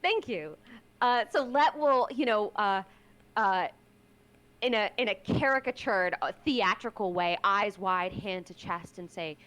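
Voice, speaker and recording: A woman's voice: mid-range voice, animated, measured pace, fairly bright tone. A woman playing in a tabletop game, explaining her character thoughtfully with many hesitations. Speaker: player. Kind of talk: casual tabletop play.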